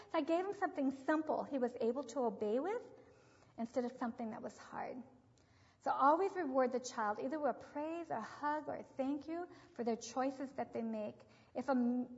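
A woman's voice: a little high, vocal fry. A woman teaching about parenting, telling a family anecdote and acting out the voices of the people in it. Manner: acts out the voices in her anecdotes. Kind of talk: storytelling talk on parenting. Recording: long reverb, dull lo-fi sound.

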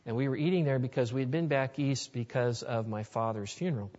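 A man's voice: medium pitch, fairly quick, darkish tone. A man speaker telling personal stories in an earnest, folksy way during a sermon to a live audience. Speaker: Christian speaker. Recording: dull lo-fi recording in a reverberant hall.

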